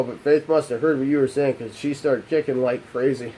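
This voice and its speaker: A young adult man, a channel host, telling a painful personal story in a halting, restarting way, his voice often dropping low and quiet as he holds back tears. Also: steady tone, poor audio. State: emotional, holding back tears.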